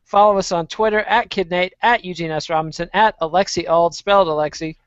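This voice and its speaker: A man's voice: sits high, steady tone, brisk, clear, resonant tone, no room sound. A man hosting a casual chat who wraps up the show by reading out plugs. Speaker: podcast host. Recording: dry, dull lo-fi podcast audio.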